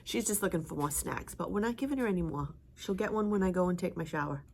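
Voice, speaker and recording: A woman's voice: expressive, fast, vocal fry, darkish tone, slight background noise. A woman chatting casually in a home vlog, rambling with fillers and talking sweetly to her dog. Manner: high sing-song voice when talking to her dog. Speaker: home vlogger.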